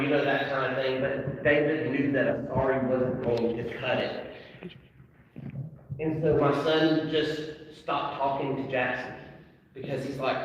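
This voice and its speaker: A middle-aged man preaches, telling a personal story in an easy, mid-pitched voice that sinks to a near hush when it turns sad. He sounds distant, with a long reverb ringing around him as in a large church hall, and a faint noise underneath. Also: lo-fi sound. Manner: storytelling, soft and hushed at sad moments. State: sick with a sinus infection. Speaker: pastor. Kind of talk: sermon. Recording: echoey hall, voice from far off.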